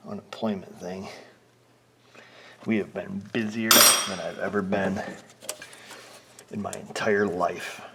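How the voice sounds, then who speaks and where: A man's voice: low voice, gravelly. A man working as an auto mechanic, chatting casually and joking to himself as he works in his repair shop. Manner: joking, rambling, talks to himself and the parts. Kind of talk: casual workshop vlog, talking while working. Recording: noisy garage with tool clicks.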